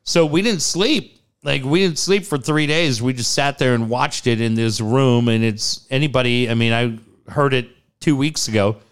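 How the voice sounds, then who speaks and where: A man with a smooth voice tells a personal story at normal speed during a casual chat. He's animated, voicing what other people said with big leaps in pitch.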